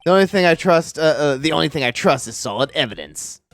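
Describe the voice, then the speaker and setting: A man's voice: fairly high pitch, expressive, fast, no room sound, soft background music. A man voicing a cold, haughty male prosecutor with a clipped, stern delivery.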